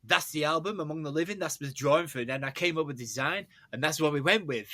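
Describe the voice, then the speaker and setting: A man's voice: a little high, fast, sharp tone, no echo. A man putting on a New York accent to play a rambling male drummer who repeats the same story. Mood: drawling. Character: droning New York rock drummer, repetitive and pleased.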